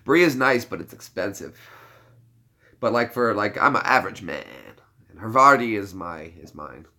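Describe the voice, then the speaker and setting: A young man from the United States chats casually on his livestream, cracking jokes and playing with words. His voice is bright and forward, and his pitch swings widely. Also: expressive, normal speed. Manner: joking, laughs often, plays with words. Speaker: livestream host.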